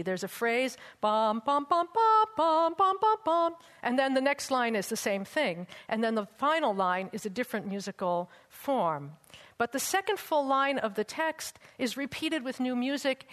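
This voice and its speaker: A woman teaching a class on church music and hymnals, chatty with teasing asides and breaking into chant and song for examples. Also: a little high. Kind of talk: hymnal lecture with sung examples. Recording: long hall reverb.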